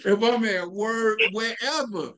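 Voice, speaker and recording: A man's voice: high-pitched, takes it slowly, fairly bright tone. A middle-aged man, a minister, talking in a casual, plain-spoken way during a Bible study on a video call. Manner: plain-spoken, conversational, repeats "you know what I'm saying".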